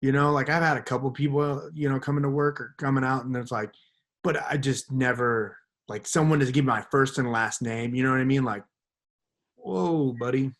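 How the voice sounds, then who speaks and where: A man's voice: medium pitch, brisk. Man telling a rambling story on a podcast. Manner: rambling, animated storyteller acting out quotes. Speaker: podcast co-host. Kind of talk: casual storytelling chat.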